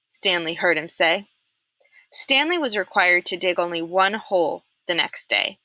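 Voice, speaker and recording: A young adult woman reading a children's novel aloud, expressive and animated, putting on character voices. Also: on the low side, unhurried, no echo. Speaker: storyteller reading a chapter book aloud.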